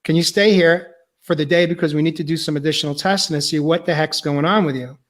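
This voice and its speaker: A male podcast host sharing a personal testimony, earnest and halting, choked up and near tears. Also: on the high side.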